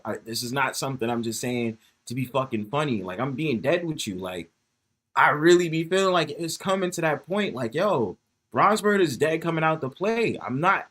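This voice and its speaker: A man chats loosely to his livestream viewers through a phone mic. His voice sits a bit high for a man and swings widely in pitch. He is profane and animated, and he laughs often. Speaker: livestream host. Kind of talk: casual livestream chat to viewers.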